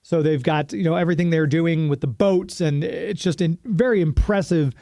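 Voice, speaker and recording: A man's voice: on the high side, normal speed, dark tone, no room sound, clean studio sound. A man co-hosting a podcast, talking about movies in an easygoing way, thinking aloud with lots of fillers. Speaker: podcast co-host. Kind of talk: casual movie review chat.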